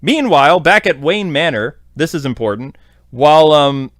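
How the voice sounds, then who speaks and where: A man's voice: fairly high pitch, expressive, moderate pace, a bit bright, no room sound, clean studio sound. A man hosting a podcast, giving a casual, rambling episode recap full of fillers. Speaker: podcast host.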